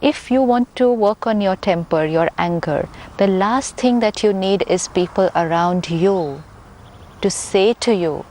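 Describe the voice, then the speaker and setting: A woman, a spiritual teacher explaining her ideas calmly and patiently, repeating key points for emphasis. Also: on the low side, unhurried, slight background noise. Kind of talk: calm explanatory talk.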